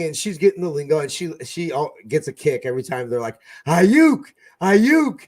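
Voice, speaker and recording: A man co-hosting a casual sports fan podcast, profane and excitable, swinging between loud bursts and mutters. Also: mid-range voice. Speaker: podcast co-host.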